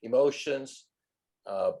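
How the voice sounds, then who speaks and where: A man's voice: medium pitch, slow, dark tone. A man in a casual online group discussion, explaining his ideas step by step over a video call. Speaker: study group participant.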